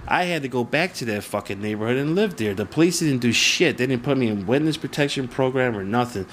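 A man's voice: mid-range voice, animated, quick pace, slight background noise. A man recounting events in an interview, plain-spoken and emphatic, swearing freely. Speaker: interviewee, former witness. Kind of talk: recorded interview.

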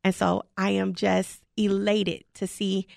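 A woman who is a high school football head coach, talking passionately and emphatically in an interview. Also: level tone, takes it slowly, vocal fry, a little mellow, no echo, studio quality. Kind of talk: casual interview talk.

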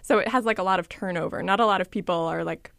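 A woman's voice: mid-range voice, quick pace, gravelly, no room sound. A woman from the Washington, D.C. suburbs, talking as a reporter on a radio chat show. She tells her stories with energy and a mid-range voice. The recording is close and dry. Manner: lively, storytelling, quotes others.

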